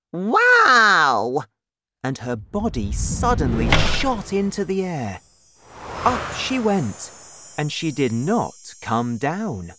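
A woman narrating a children's storybook in a slow, clear, expressive reading. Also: sits low, no echo, studio quality.

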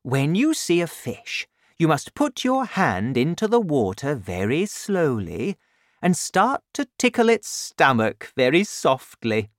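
A man voicing a kind village doctor over seventy for a storybook, who gets loud and worked up when outraged. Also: a little high, takes it slowly, dry recording, clean studio sound, pitched above the performer's own voice, full character voice. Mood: kindly. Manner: excitable, raises voice when outraged.

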